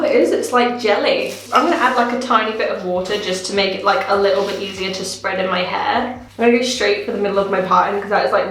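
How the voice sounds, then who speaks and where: A woman's voice: medium pitch, a bit bright. Chatty young woman, echoey bathroom. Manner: chatty and self-dramatizing, many "like" fillers. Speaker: beauty vlogger. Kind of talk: casual product review vlog. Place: bathroom at home.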